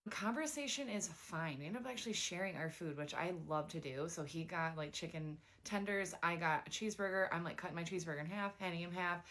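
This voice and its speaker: Young woman, lower register, chatty storyteller, filler-heavy and animated. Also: fast talker, few pauses. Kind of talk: casual storytime.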